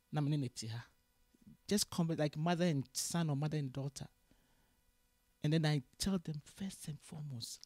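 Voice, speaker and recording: A woman's voice: low-pitched, moderate pace, long pauses, dry recording. A middle-aged Ghanaian woman giving an interview, talking passionately and switching between Twi and English. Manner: passionate, lecturing, rising loud when stirred. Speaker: interview guest.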